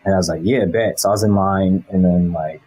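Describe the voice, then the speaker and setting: A man from Los Angeles, a guest in an interview, talking in a relaxed, rambling way with frequent swearing and laughter. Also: sits low, brisk, husky, poor audio. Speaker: guest, animation director. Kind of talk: casual interview chat.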